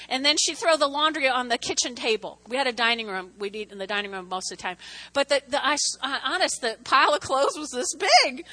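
A middle-aged woman telling personal stories in a church talk, animated, with restarts and asides. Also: high voice. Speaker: church speaker.

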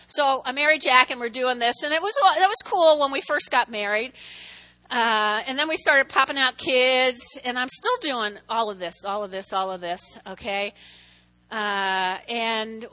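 A middle-aged woman telling personal stories in a church talk, animated, with restarts and asides. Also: on the high side, a little slow. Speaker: church speaker.

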